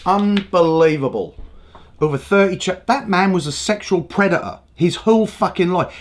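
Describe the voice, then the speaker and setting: Sweary, animated man ranting. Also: high voice, normal speed. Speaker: host. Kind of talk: ranting comedic commentary.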